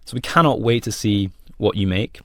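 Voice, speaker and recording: A man presenting a software demo in a friendly, plain explanatory tone. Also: fairly low pitch, normal speed, no echo, studio quality. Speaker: product presenter.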